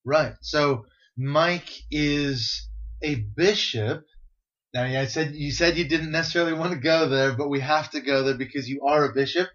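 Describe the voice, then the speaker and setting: A man's voice: on the high side, normal speed, fairly bright tone. American guy hosting an interview, easy chatty questions, muffled sound. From United States. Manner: friendly, conversational questioning. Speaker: podcast host. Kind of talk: podcast interview. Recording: dull lo-fi recording.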